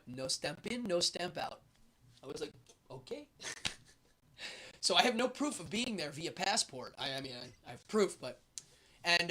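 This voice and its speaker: A man hosting a show, telling a travel story in a lively, animated way and acting out the voices of the people in it. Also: fairly high pitch. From United States. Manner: lively storyteller, acts out the guards' and his own lines. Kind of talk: animated anecdote.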